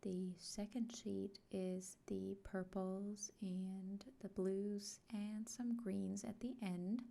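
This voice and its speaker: A woman giving a soft-spoken unboxing vlog, often sliding into a whisper and talking slowly and gently. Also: medium pitch, flat delivery, vocal fry. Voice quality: frequently whispered. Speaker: art vlogger.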